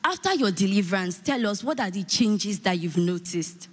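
A woman's voice: mid-range voice, animated, moderate pace. A woman interviewing a church member, asking polite, formal questions. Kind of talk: testimony interview. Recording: echoey hall with background noise.

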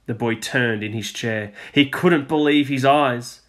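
A male teacher reading a children's storybook aloud with expressive storytelling, dropping his voice on the speech tags. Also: mid-range voice, measured pace.

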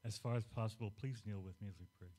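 A man's voice: fairly low pitch, steady tone, very fast, a little mellow, faint music behind. A man making church announcements and then leading a reverent prayer. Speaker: church leader.

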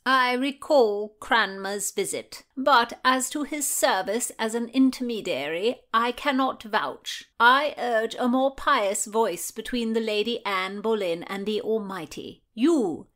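A woman's voice: fairly high pitch, a bit bright, pitched above the performer's own voice. A woman voicing a pious, disapproving Tudor noblewoman who speaks in a stiff, reproachful way.

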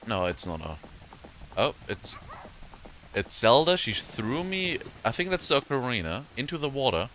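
A man giving casual gameplay commentary, excitable, swearing and laughing often. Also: medium pitch, normal speed, a little hiss or hum. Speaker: let's play gamer.

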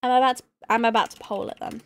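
A woman's voice: fairly high pitch, steady tone, quick pace, no room sound. A woman playing a video game on a live stream, defensive and easily flustered when she is corrected. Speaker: guest streamer. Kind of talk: live gameplay chat.

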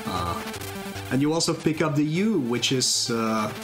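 A relaxed man talks through his speedrun live. He explains the controls and dangers as he goes, checking in with chat. Bright game music plays clearly underneath his voice. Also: mid-range voice, a little slow. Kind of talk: live commentary while playing.

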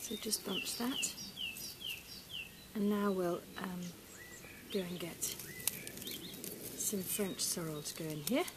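A woman's voice: fairly low pitch, slow, pauses often. A woman with an English accent, presenting a casual gardening how-to with chatty enthusiasm, recorded outdoors in a rural garden. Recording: distant mic outdoors with background noise.

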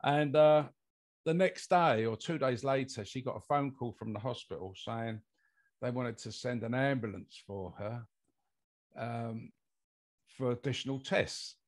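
A man's voice: mid-range voice, measured pace. An older British man, a guest on an interview podcast, telling a long personal story in a rambling way with lots of fillers. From United Kingdom. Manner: rambling anecdotal delivery with many fillers. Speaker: guest, mold investigator.

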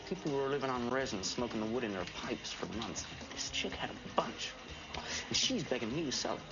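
An actor playing an edgy young man telling a profane, animated drug-deal story. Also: medium pitch, natural voice. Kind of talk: film dialogue. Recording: dull film audio with music underneath.

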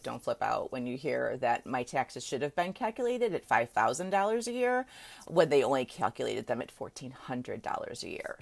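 Her voice is extremely low, gravelly and a little mellow. A middle-aged woman who works as a manifestation coach talks casually during a live video, frequently laughing and asking "right?" to check in.

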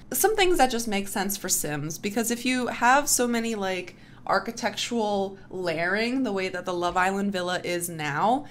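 A young woman talks through her game in loose, casual commentary, her voice sitting at an ordinary middle pitch. She is chatty and swears freely, often breaking into laughs as she goes. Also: expressive, normal speed, hardly any pauses, a bit bright, soft background music. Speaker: YouTuber building Sims characters.

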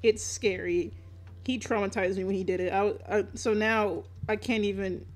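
A woman's voice: mid-range voice, steady tone, moderate pace, soft background music. A young woman chatting casually on a live stream while she draws, laughing often, swearing freely and teasing her viewers.

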